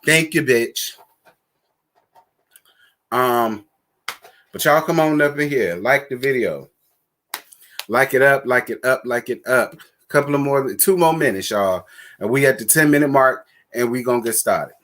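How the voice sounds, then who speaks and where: A man hosts a casual live stream and talks to his viewers in a sassy, blunt way, full of cursing. His pitch sits at an everyday middle height, and he moves from playful shout-outs to frank, cutting remarks. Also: expressive, moderate pace, a little hiss or hum.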